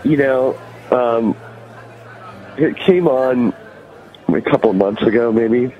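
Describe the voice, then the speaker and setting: A man's voice: medium pitch, slow, muffled recording, faint music behind, a faint crowd. A man with a Californian accent, a guest musician chatting casually and rambling in an interview. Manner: rambling, full of "you know" and "like".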